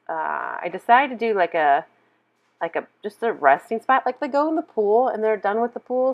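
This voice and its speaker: A woman's voice: lowish voice, dull audio. A woman giving casual, rambling commentary on her own build, chatty and giggly, full of fillers. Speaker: game video creator.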